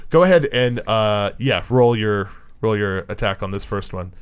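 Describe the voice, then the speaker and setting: A man narrating as game master of a tabletop role-playing game, in a loose, halting way with many fillers. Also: on the low side, smooth.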